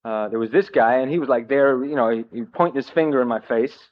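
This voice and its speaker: A man telling his own recovery story to a meeting, with wry self-mocking humor and halting, filler-heavy delivery. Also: medium pitch. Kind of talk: personal recovery story told to a group. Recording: dull old cassette tape.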